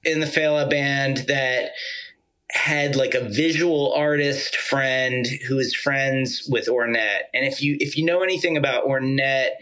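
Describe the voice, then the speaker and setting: A man from Georgia, a musician guest, telling a rambling, animated story full of "like" and casual swearing. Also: mid-range voice, a little slow, poor audio.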